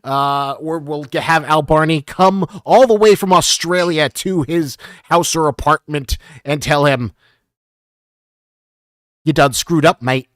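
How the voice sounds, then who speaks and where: A man hosting a community live stream, reading out viewer questions in a casual, halting way with lots of fillers. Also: on the high side, a bit bright, no room sound, clean studio sound. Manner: halting, many fillers, chuckles often.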